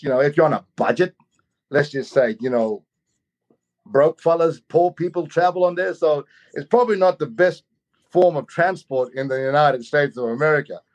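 A man from Australia telling a long travel story in a casual, animated way, often repeating his words as he goes. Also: medium pitch. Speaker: guest storyteller.

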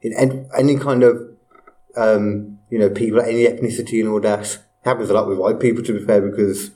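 A man's voice: on the low side, fairly even intonation, a little fast, warm tone, a little hiss or hum. A British man co-hosting a podcast in casual, rambling chat with blunt, crude jokes. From Britain.

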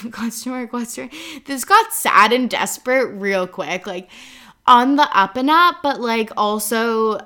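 A woman's voice: mid-range voice, pushed and bright. A woman in her twenties from British Columbia, hosting a casual solo podcast in a chatty, rambling way with lots of "like". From British Columbia, Canada. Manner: chatty, rambling, heavy use of "like", frequent laughs. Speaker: podcast host.

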